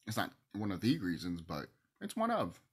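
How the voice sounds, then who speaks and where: Male host, fervent solo rant, husky and lowish, volume swings from outbursts to hushed asides. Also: wildly swooping pitch, normal speed. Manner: passionate, swings between loud outbursts and hushed near-whispers, swears. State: emotional, teary. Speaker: video host. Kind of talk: ranting monologue to camera.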